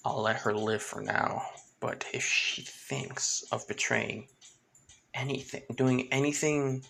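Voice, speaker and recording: A man voicing a volatile young woman with a blade for an arm, jumping from high mocking taunts to hushed threats. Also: slow pace, gravelly, slight background noise, full character voice. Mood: menacing.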